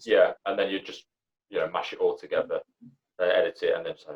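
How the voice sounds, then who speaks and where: A man's voice: deep voice, level tone, fairly quick. A young man, a podcast guest chatting casually, blunt and sweary, rambling with lots of fillers. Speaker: podcast guest, comedy actor and writer. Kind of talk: casual chat. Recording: dull lo-fi sound.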